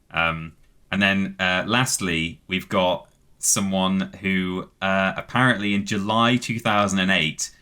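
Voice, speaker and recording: On a podcast, a British co-host with a very deep, low voice that carries a bright, forceful edge reads out facts at length. His delivery is relaxed and casual, packed with "um"s, and he spells words out letter by letter along the way.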